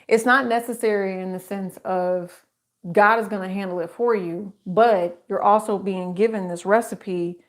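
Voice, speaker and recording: A woman reads tarot straight to her viewers in a chatty, emphatic voice. She circles back over her own phrases and drops rhetorical questions as she goes. Her pitch sits in an ordinary middle range. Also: steady tone, measured pace. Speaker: tarot reader. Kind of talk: solo tarot reading to camera.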